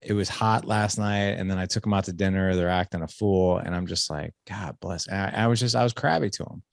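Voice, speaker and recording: A man's voice: deep voice, fast, vocal fry, dry recording, clean studio sound. A middle-aged man hosting a podcast, telling a long story in a rambling, self-deprecating way. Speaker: podcast host. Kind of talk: casual podcast conversation.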